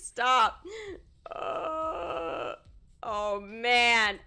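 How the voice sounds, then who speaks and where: A woman live-streaming a mobile game, chatting casually and excitably while greeting her chat. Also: medium pitch, drawn-out words, creaky, raised voice, slight background noise. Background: faint music.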